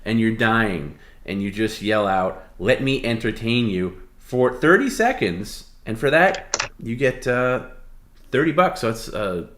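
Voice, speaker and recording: A man with a lowish voice calmly giving orders and pushing for more during live stream banter. His voice rings in an echoey room. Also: unhurried, a little hiss or hum. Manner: bossy, deadpan instructions. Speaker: stream co-host.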